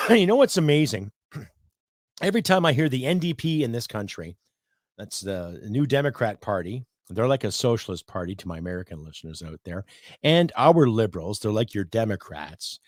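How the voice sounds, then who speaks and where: A man's voice: on the low side, no echo, studio quality. A man in his fifties hosting a solo podcast, ranting bluntly with profanity and sarcasm. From Canada. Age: 50s. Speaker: podcast host.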